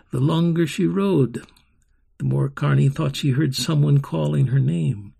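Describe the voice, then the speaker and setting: A man reading a story aloud in a slow, rhythmic, expressive way, voicing sound effects himself. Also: on the high side, vocal fry, husky.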